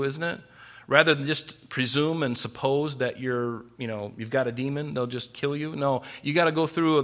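A man preaching an expository sermon, animated and full of rhetorical questions. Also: medium pitch. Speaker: pastor.

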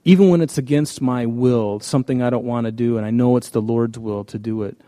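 A man's voice: medium pitch, a little fast, mellow, no echo. A man preaching a conversational sermon, telling stories in a folksy way with frequent restarts. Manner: folksy, storytelling, many restarts. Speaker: pastor.

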